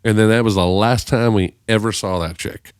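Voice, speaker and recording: Lower-voiced man telling a wild story. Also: moderate pace, smooth, no room sound, studio quality. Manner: animated storyteller, swears freely, acts out quoted voices. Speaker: podcast guest musician. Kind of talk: casual storytelling.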